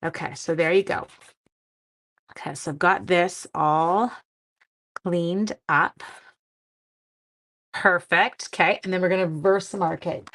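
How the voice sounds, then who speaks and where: A woman's voice: fairly low pitch, steady tone, takes it slowly, pauses often, a bit bright. A woman hosting a casual craft demonstration live stream, chatting with her viewers and reading their comments in a friendly, self-deprecating way.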